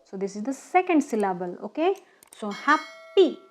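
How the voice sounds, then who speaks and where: A woman teaches a children's phonics lesson, speaking slowly and deliberately and often checking in with "okay?". Her fairly high voice has big pitch swings, and there's slight background noise.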